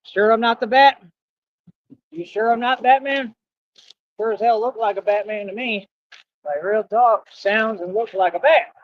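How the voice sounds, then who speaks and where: Male streamer, high-pitched swagger, casual slang-heavy monologue, muffled lo-fi audio. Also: measured pace, long pauses. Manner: boastful, swaggering street slang.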